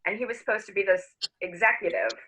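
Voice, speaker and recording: A middle-aged woman telling a story casually among friends, animated, laughing and acting out the quotes. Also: mid-range voice, fast talker, poor audio.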